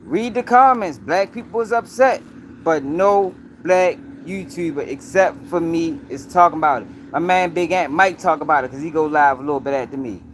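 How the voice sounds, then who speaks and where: A man's voice: on the high side, normal speed, slight background noise. Emphatic man ranting on a livestream. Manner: emphatic, repetitive, addresses viewers directly. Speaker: news commentary host. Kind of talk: livestream commentary.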